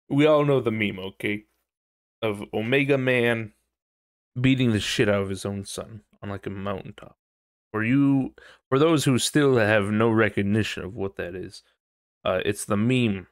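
Low-voiced guy rambling on his podcast, swears a lot, laughs at himself, dead dry sound. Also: a bit bright, no echo. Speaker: podcast host. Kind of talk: casual solo podcast chat.

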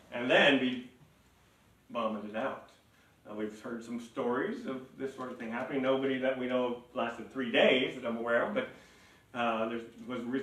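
Animated pastor preaching in an echoey church. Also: male voice, medium pitch. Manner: animated, laughing, acts out mocking voices. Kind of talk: sermon. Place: church sanctuary. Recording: echoey church hall, mic at a distance.

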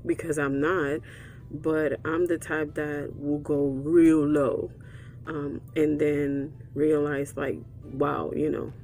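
A woman's voice: low voice, a little mellow. A woman vlogger talking candidly and earnestly about her own marriage, reflective and full of restarts. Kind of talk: candid personal talk.

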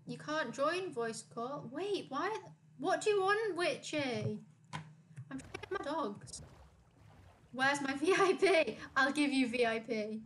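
Young woman streamer, bright chatty delivery, higher pitch. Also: lively intonation, slow pace, slight background noise. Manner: chatty, reads chat aloud, giggly. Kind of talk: casual gaming stream chat.

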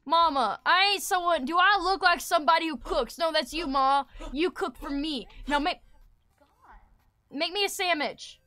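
A woman putting on a whiny, bratty southern kid boy who nags his mom loudly, as a comedic voice while streaming a game. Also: very high-pitched, moderate pace, voice pushed up. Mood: bossy yelling. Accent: Southern US, put on. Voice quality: whiny, loud and demanding.

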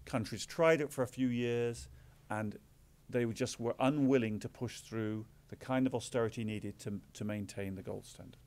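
A middle-aged Englishman speaking at a lectern, his voice sitting at an ordinary middle pitch. He explains things plainly to a live audience. His asides come out wry and self-deprecating. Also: fairly even intonation, normal speed, a little mellow. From England. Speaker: author giving a talk. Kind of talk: public lecture.

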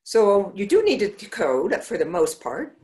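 A woman's voice: mid-range voice, unhurried. A middle-aged woman optometrist giving a conference talk, telling patient stories and acting out the dialogue. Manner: animated, acts out patients' dialogue.

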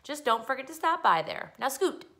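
A brisk, dry storybook mother who fusses over her son and gives firm orders, as a woman reading aloud puts her on. Her voice is bright and clear. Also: sits high, sing-song, pitched above the performer's own voice, full character voice. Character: fussing, brisk, knowing mother.

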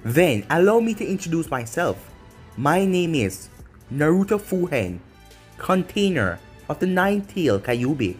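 A man's voice: a little high, sing-song, unhurried, husky, heavily acted. A man voicing a cocky young male ninja hero in a fan-made audio story, talking in a smug, taunting way over faint music.

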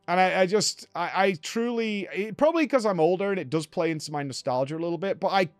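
A man's voice: sits high, fast, no echo, faint music behind. A man hosting a gaming show, recapping a game in a rambling, enthusiastic way.

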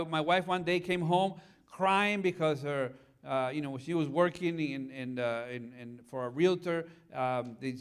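A middle-aged male pastor giving a lively conference talk, chatting with the audience and asking them questions. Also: fairly high pitch, smooth. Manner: animated, conversational, asks the audience questions.

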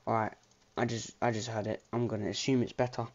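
A man's voice: on the low side, flat delivery, fast talker, muffled recording. A man chatting casually on a game livestream, rambling and restarting his sentences, with the odd casual swear word. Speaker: streamer.

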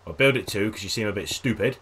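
A man giving casual let's-play commentary on a game, chatting to his viewers and coaxing animals along in a high sing-song voice. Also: quick pace, a bit bright, a little hiss or hum. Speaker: gaming video host.

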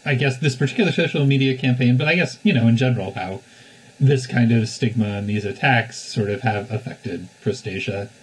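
A man's voice: medium pitch, slightly rough, poor audio. A man hosting a discussion podcast, asking questions in a hesitant way and hedging with "I guess.". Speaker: host.

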